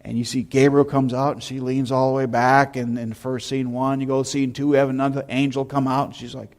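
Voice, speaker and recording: A man delivering a Sunday sermon in a church, with a voice of ordinary pitch. He eases into it conversationally, telling stories and acting out small moments before turning to scripture. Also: brisk. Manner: storytelling, animated anecdotes with shouted imitations. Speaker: pastor. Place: church sanctuary.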